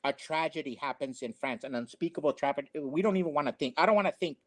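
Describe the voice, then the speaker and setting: A man's voice: fairly high pitch, fast talker. A man giving opinionated commentary, emphatic and preachy, repeating his phrases for effect. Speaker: co-host.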